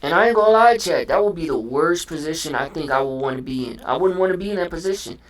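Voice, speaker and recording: A man talking casually as a host, with lively slang, acting out what he would say. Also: a little high, fast. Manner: animated slang-heavy talk, acts out what he would say. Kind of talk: casual chat.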